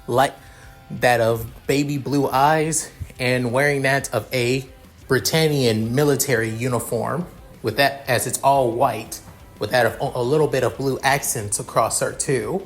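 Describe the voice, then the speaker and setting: A man's voice: mid-range voice, steady tone, a little slow, soft background music. A man improvising a fan fiction narration, rambling with many restarts.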